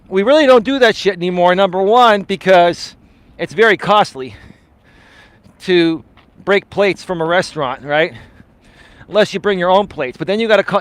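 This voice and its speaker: A man's voice: high voice, no echo. A middle-aged man hosting a live coaching stream, chatting casually and telling rambling, profane stories. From Greek-American community. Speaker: life coach, live show host.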